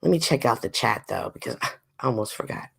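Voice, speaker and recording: With a rumbling low, gravelly voice that has a breathy edge and a slightly stuffy quality, a woman runs a casual livestream. She reads chat comments aloud at a brisk pace, her lively speech jumping from loud exclaims down to murmurs.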